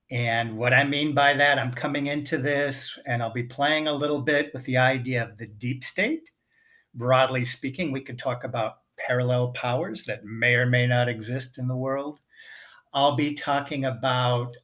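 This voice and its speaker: A man hosting a solo commentary video, speaking with slow, drawn-out phrasing and dramatic pauses. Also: mid-range voice, fairly bright tone. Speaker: host.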